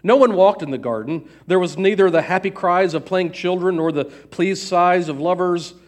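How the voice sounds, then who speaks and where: A man narrating a fairy tale aloud in an even storytelling cadence. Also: high-pitched, normal speed.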